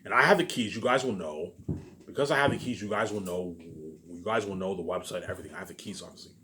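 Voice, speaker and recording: Deep-voiced Canadian man rambling. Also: fast talker, bright, forceful tone, slight background noise. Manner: repetitive, profane, emphatic, keeps saying "obviously". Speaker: vlogger. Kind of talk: rambling solo monologue.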